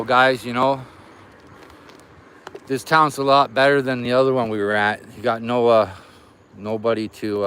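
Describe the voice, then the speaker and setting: A man's voice: medium pitch, fairly bright tone, a little hiss or hum. A middle-aged man, chatting casually on a live stream outdoors near an air base and greeting his viewers by name.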